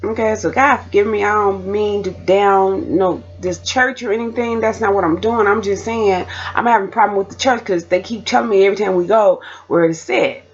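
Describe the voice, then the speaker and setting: A woman's voice: mid-range voice, steady tone, normal speed, hardly any pauses, husky, muffled recording. A woman vlogger chatting casually and rambling to her camera.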